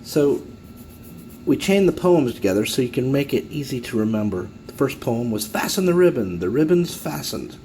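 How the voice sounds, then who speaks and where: Man, casual tutorial host, chatty storyteller, very lively pitch, faint room ambience. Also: moderate pace, slight background noise. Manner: animated, chatty, builds a mental picture.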